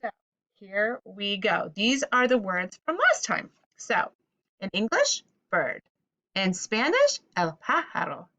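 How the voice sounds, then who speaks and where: A woman with a medium-pitched, very animated voice that sounds pushed and bright gives a children's Spanish vocabulary lesson. She works patiently in call-and-repeat fashion, pronouncing words slowly and clearly and asking listeners to say them back.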